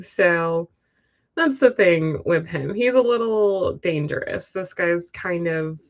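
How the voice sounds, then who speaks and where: A woman's voice: on the low side, slow. A woman giving a casual tarot reading on a livestream, chatty and speaking straight to the viewer. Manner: chatty, full of "like" and "you know". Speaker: tarot reader.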